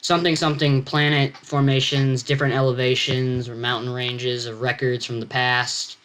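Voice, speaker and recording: A man's voice: medium pitch, level tone, a bit bright, smooth. A teenage boy reading his own science fiction story aloud, stopping often to comment and explain. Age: teens. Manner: halting, self-interrupting, comments on own text.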